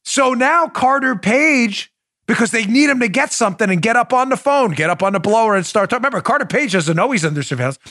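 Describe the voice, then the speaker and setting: A man hosting a political podcast, talking in a sarcastic, mocking way with loud bursts and muttered asides. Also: high-pitched, expressive, rapid-fire, few pauses, dry recording, clean studio sound. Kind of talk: opinionated solo commentary.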